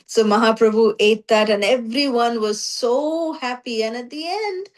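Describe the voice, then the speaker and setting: A woman with a high voice teaching a scripture story class. She narrates animatedly, slipping into voices and leaning on 'you know'. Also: measured pace. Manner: frequent 'you know' fillers.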